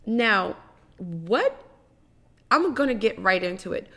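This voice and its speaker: A woman hosts a podcast at an unhurried, measured pace. She talks deliberately, pausing and restarting as she goes, at a mid pitch for a woman. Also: sing-song, bright, forceful tone. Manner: slow and deliberate, with pauses and restarts. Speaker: podcast host. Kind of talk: hosting a scripted podcast.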